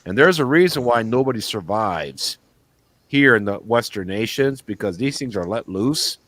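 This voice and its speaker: A man's voice: medium pitch, lively intonation, normal speed, fairly bright tone, no room sound. A man co-hosting a talk show, telling a story in a rambling way with many restarts. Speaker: co-host. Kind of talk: casual chat.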